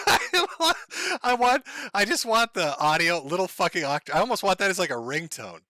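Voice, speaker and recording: A man's voice: high-pitched, big pitch swings, measured pace, pushed and bright, dry recording. A man hosting a live stream, commenting sardonically and laughing often. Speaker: livestream host.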